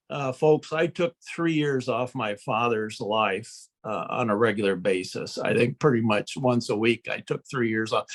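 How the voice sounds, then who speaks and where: An older man telling a humorous folksy story, acting out quotes and sound effects with animated delivery. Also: mid-range voice. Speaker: storyteller and birder.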